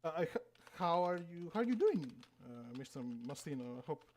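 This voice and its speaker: A man plays a jittery young male desk clerk in a tabletop game. He stumbles over his words and fawns over his guest, and the voice sits a touch high. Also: very animated, brisk, darkish tone, a little hiss or hum. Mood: nervous. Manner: stammering, fawning.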